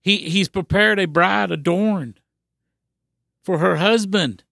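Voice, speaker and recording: Earnest gravelly man preaching. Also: high-pitched, slow pace, a bit bright, dry recording, clean studio sound. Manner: earnest, repetitive exhortation with restarts. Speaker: podcast preacher. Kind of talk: sermon.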